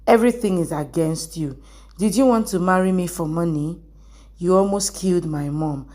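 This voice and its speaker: A woman's voice: on the low side, moderate pace, mellow, natural voice. Virat, a woman reading an angry vengeful young man. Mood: bitter. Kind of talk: scripted recap narration.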